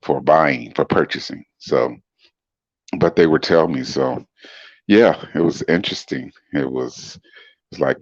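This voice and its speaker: A middle-aged man with a very deep, smooth voice chatting casually on a livestream, laid-back and chuckling as he greets commenters by name. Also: measured pace, dry recording. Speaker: livestream guest reading chat comments. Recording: dull dry lo-fi stream audio.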